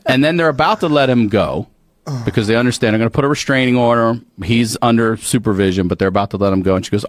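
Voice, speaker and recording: A man from Baltimore, a podcast guest telling a story in a profane, lively way. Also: mid-range voice, fast, no room sound, studio quality. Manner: profane, animated storytelling with restarts. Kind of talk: casual storytelling.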